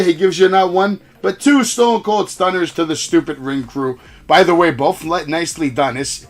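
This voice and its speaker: A fairly high-voiced man rattles through a casual recap as host, swearing freely and slipping into quoted lines for effect. His talk is loose and excitable. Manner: profane, excitable, acts out quotes. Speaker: wrestling podcast host.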